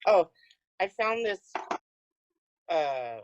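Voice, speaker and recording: A woman co-hosting a podcast remotely, telling stories in an unhurried casual way. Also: on the low side, very animated, highs cut off, slight background noise. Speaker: podcast co-host. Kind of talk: casual chat.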